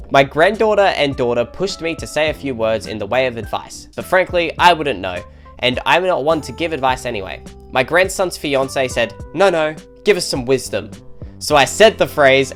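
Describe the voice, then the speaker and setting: A man's voice: mid-range voice, fairly bright tone. A man co-hosting a comedy show, reading online posts aloud in a casual way, with laughs and jokey asides. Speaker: co-host reading online stories.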